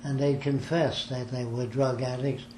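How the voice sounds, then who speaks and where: A man's voice: mid-range voice, flat delivery, measured pace. An older man in an interview, telling long stories about his life and acting out the people he quotes. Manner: rambling storyteller, acts out quoted voices. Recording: echoey room with faint ambient noise.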